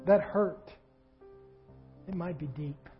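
Male pastor, husky, preaching, quiet-to-fervent swings, dull recording, faint music under. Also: on the high side, takes it slowly. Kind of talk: sermon. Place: church sanctuary.

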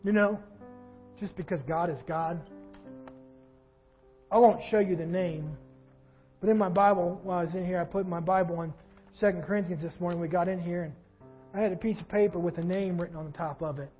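Male pastor, husky, preaching, quiet-to-fervent swings, dull recording, faint music under. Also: high voice, steady tone, fairly quick, long pauses. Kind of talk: sermon. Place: church sanctuary.

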